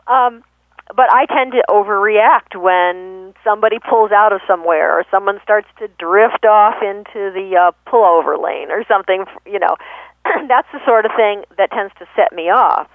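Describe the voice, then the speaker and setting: Woman, calm explainer, many ums, self-correcting, phone-line audio, dry sound. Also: mid-range voice, normal speed, no room sound. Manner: thoughtful, frequent fillers and self-corrections. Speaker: guest speaking on communication. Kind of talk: reflective conversational explanation.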